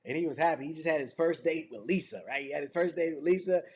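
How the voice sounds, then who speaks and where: A man's voice: a little high, fast talker, a little mellow, husky. A man leading a motivational sales training over a video call, talking in fervent, repetitive build-ups like a preacher. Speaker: business trainer.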